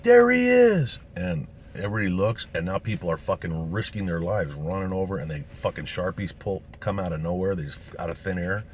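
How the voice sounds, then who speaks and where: Deep-voiced man telling a profane story. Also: fairly quick, hardly any pauses, slight background noise. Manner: profane, swears constantly; animated, acts out quotes of other people. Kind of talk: casual true-story storytelling.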